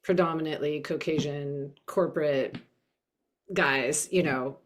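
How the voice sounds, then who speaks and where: A woman with a deep, low voice hosting a podcast. She talks casually, nods along with the guest's points and follows up with interested questions. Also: fairly even intonation, measured pace. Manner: warm, affirming, asks questions. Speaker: podcast host.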